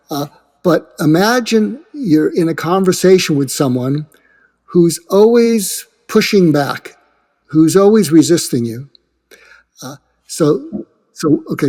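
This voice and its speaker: An earnest male guest speaking in a fairly high voice. He explains by acting out imagined conversations and often restarts his sentences. Long reverb trails behind his voice. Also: a little mellow. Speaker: guest, suicide prevention expert. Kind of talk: conversational explanation with acted-out dialogue.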